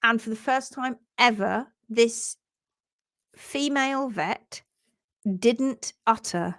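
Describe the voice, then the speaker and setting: A woman hosting a casual live stream about horse care, chatting and reading out viewer comments in a lively, animated way. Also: fairly high pitch, slow, dry recording, studio quality. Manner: chatty and animated, laughs easily, acts out quotes in funny voices.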